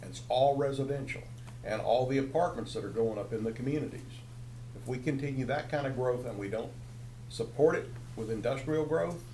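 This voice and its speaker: Measured man commissioner in an echoey chamber. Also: medium pitch, warm tone, a little hiss or hum. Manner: measured, citing figures. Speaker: county commissioner. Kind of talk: policy argument at a public meeting.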